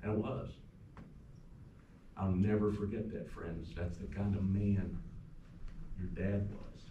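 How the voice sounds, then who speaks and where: A pastor with a fairly low voice, delivering a eulogy in a funeral home chapel. He tells stories about the man who died and sometimes drops to a soft, quiet tone. The sound is roomy and picked up from a distance. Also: fairly even intonation, slow pace, highs cut off, a little hiss or hum. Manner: storytelling, warm anecdotes, turns soft and quiet at times. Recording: echoey room from far off.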